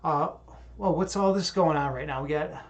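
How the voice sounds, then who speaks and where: A man's voice: a little high, normal speed. A young man hosting a livestream, chatting casually and reading viewer comments, rambling and repeating words, hyped up after a yoga session. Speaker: livestream host.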